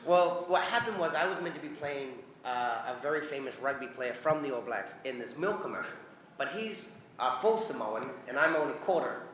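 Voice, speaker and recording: A man in his forties with a New Zealand accent, telling lively stories at a convention Q&A, acting out the voices of the people in his anecdotes and laughing often. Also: medium pitch, moderate pace, a little hiss or hum. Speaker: convention guest. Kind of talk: animated storytelling Q&A. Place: convention hall. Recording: roomy convention hall.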